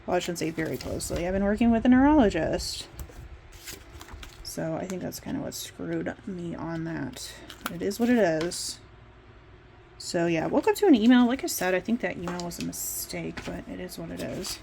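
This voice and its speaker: Woman, planner vlog, chatty and rambling, gravelly fry, mid pitch, faint hiss. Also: expressive, moderate pace, dark tone. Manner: rambling, candid, mildly profane. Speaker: planner vlogger. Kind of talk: casual chat while decorating a planner. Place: at home.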